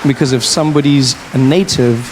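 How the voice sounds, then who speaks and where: A man's voice: medium pitch, fairly quick, in a large hall, background noise. A man doing stand-up comedy, telling stories conversationally with stammering restarts.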